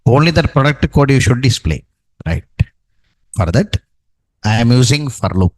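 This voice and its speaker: A man's voice: medium pitch, big pitch swings, moderate pace, no room sound, poor audio. A man teaching a programming class, dictating code and checking in with "no?" and "okay, right". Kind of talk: live coding lesson.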